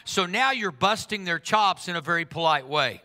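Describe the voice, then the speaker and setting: A man preaching a sermon in an earnest way, slowing down for emphasis and speeding up for asides. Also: high-pitched, lively intonation, sharp tone. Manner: earnest, shifts between slow emphatic lines and quick asides. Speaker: pastor. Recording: long reverb of a large hall.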